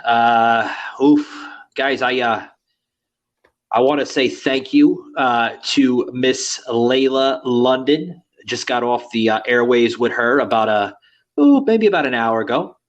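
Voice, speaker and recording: A man's voice: medium pitch, takes it slowly, muffled recording. A man hosting a podcast in casual, crude banter, rambling with many fillers. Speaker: podcast host.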